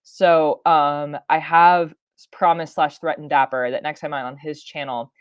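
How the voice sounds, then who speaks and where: A woman's voice: low-pitched, fairly even intonation, unhurried, dry recording, lo-fi sound. A woman chatting through a live-stream reaction, rambling with lots of fillers, restarts and laughs. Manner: rambling, many fillers and self-interruptions. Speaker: science streamer.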